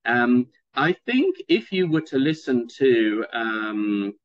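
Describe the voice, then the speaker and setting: A middle-aged man from the north of England with a softened northern English accent, patiently explaining pronunciation in a conversation practice chat. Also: mid-range voice, big pitch swings, takes it slowly, lo-fi sound. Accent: northern English softened toward standard British. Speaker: guest native speaker.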